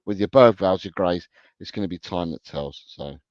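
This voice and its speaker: Low-voiced man repeating his points. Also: moderate pace, dry recording. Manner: emphatic, repeats his phrases. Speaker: podcast co-host. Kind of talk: casual football chat. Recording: dry, dull lo-fi audio.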